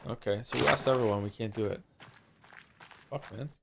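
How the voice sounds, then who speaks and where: A man's voice: on the low side, fairly quick, vocal fry, very noisy. A man casually commenting while he streams a game, dry and offhand, sounding tired.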